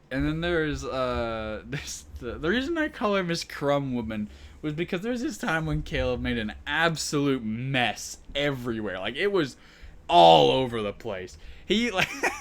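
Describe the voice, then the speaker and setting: A man's voice: on the high side, fairly bright tone. A young man rambling through funny school stories while ranking his teachers. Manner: rambling, laughs often. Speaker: vlogger. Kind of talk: casual storytelling.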